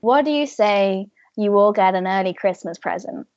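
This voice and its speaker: A woman voicing a sly, glamorous woman with a magic cane in a tabletop game, talking in a smooth, teasing, theatrical manner. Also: medium pitch, lively intonation, normal speed, darkish tone, dry recording, lo-fi sound, pitched below the performer's own voice, lightly acted.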